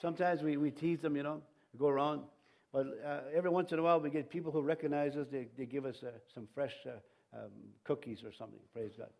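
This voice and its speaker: A man's voice: on the high side, fast, gravelly, a little mellow. A middle-aged man, preaching a sermon in a church, rambling and folksy, with many restarts and fillers. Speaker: pastor. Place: church sanctuary.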